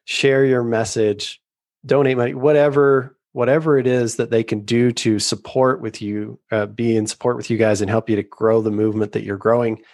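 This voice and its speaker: A man's voice: medium pitch, fairly even intonation, normal speed, a little mellow, dry recording, clean studio sound. A man hosting an interview, chatty and affirming, asking his guest rambling questions. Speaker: host. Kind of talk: casual interview.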